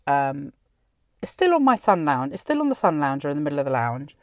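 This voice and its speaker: A woman's voice: deep voice, very animated, brisk, no echo, clean studio sound. A middle-aged woman hosting a podcast, telling a personal story in a chatty way and acting out the dialogue. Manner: chatty, many restarts and quoted dialogue. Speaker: podcast host.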